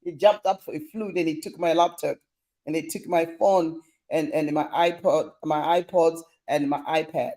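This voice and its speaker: A man's voice: a little high, steady tone, moderate pace, mellow. A young man hosting a casual live stream, reading viewer comments in a playful, teasing way and laughing often.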